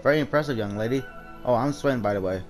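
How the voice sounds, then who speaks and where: A man's voice: medium pitch, fast, lightly acted. A man voicing a friendly, modest male guardian of poor children in a game scene over music.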